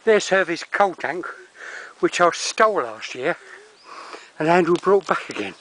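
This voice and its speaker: A man's voice: fairly high pitch, expressive, measured pace, a bit bright. An older man with a Cockney accent, wheezing and out of breath as he narrates a climb up a steep wooded hill. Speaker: vlogger. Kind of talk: walking vlog narration. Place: steep wooded hillside outdoors.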